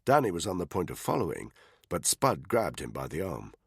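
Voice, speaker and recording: A man reads a thriller audiobook in a measured, expressive style. His voice is very deep and gravelly with a husky grain, and lively in pitch. The sound is close and dry. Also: dry recording. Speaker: audiobook narrator. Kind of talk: scripted narration.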